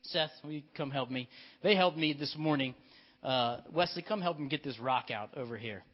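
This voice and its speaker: A male pastor preaching a sermon, telling the story in a lively way and directing children in a skit. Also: medium pitch, moderate pace. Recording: dull lo-fi church recording.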